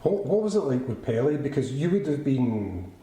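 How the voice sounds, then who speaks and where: A man hosting an interview, asking questions in a halting way and restarting them. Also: medium pitch, very animated, warm tone, echoey room. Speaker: host, interviewer. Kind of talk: podcast interview.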